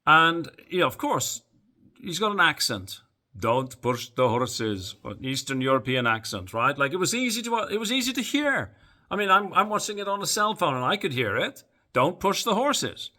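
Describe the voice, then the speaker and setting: A man's voice: high voice, very animated, brisk, bright, forceful tone. A man giving opinionated, sarcastic boxing commentary in a casual solo monologue, with frequent ums and restarts. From Canada.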